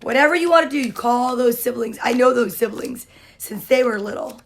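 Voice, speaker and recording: A woman hosting a casual livestream, greeting viewers by name and chatting in a cheerful, drawn-out way. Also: a little high, creaky. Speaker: livestream host.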